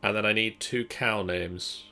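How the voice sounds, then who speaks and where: A young man streaming a game, chatting casually with his co-player and with his viewers in an unhurried way. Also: on the low side, fairly even intonation, pushed and bright, a little hiss or hum. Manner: unhurried, talks to chat. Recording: faint keyboard clicks behind.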